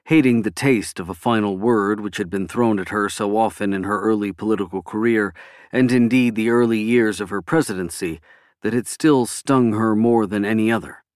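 Brief: male narrator, low-pitched, steady scripted reading, dry booth sound. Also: normal speed, smooth, no echo. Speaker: audiobook narrator.

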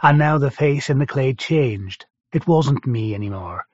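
A man reading a first-person story aloud in a steady, measured way. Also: medium pitch, no echo. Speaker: narrator. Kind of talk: first-person audiobook narration. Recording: dry, slightly dull recording.

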